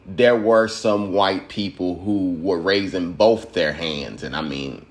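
A man's voice: deep voice, slow. A man from Georgia, giving a loose, profane commentary monologue and laughing at his own points.

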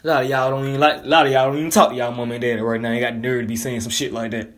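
A man's voice: mid-range voice, little pitch movement, racing. A man delivering a blunt, profane, heated casual monologue as a commentator.

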